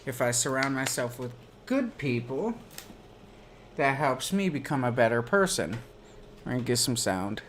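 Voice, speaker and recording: A man's voice: mid-range voice, very animated, fairly bright tone, a little hiss or hum. A man streaming while gaming, telling rambling stories in a casual chat. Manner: slow rambling storytelling.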